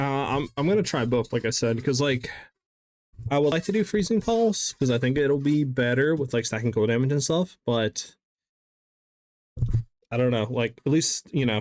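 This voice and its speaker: A man's voice: medium pitch, darkish tone, no room sound. A man streaming a game live, chatting casually in a rambling way with lots of fillers as he answers chat.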